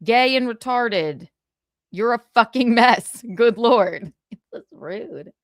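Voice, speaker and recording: A brash, profane woman hosts a casual livestream and reads her viewers' comments aloud, giggling often. Her voice sits a little high, and the close mic keeps the sound dry with no room echo. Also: animated, takes it slowly. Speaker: livestream host.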